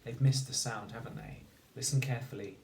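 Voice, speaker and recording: A man teaching a phonics lesson, slowly and carefully sounding out each word for young learners. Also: medium pitch, darkish tone, slight background noise. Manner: slow, deliberate, sounding out words. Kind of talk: recorded spelling lesson. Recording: echoey room, mic at a distance.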